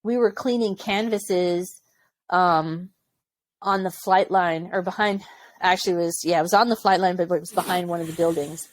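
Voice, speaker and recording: A woman in her forties, an Army medic veteran, frankly tells war stories in a candid interview, acting out the people she quotes. Her voice is lowish at a moderate pace, with no room sound.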